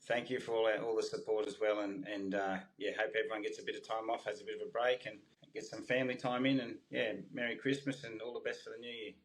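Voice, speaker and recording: A man with a lowish voice talks through horse training in easy, chatty interview answers. He explains with plain everyday comparisons. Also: level tone, quick pace, few pauses, rough recording.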